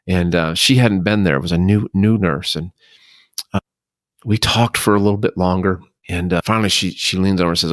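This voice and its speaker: A middle-aged man hosting a podcast, telling a personal story in a halting, emotional way with many restarts. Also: sits low, fairly even intonation, no room sound, studio quality. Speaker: podcast host.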